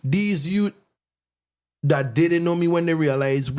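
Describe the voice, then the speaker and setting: A songwriter from the Virgin Islands, speaking with that island accent, chats casually as a podcast guest and acts out other people's voices in animated stories. His voice is a little high and clean, and he takes it slowly with long pauses.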